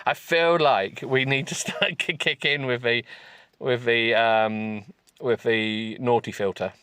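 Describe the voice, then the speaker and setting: A male podcast host reading a text aloud for comedy, stopping to mock it with sarcastic asides and breaking into high giggles. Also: fairly even intonation, takes it slowly, a bit bright, clear, resonant tone, no echo. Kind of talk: comic reading with running commentary.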